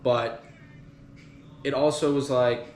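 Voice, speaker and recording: A podcast host with a medium-pitched, darkish voice talks slowly in a steady tone, wandering through a band's history with many fillers. It's a casual show recorded in an echoey, noisy room.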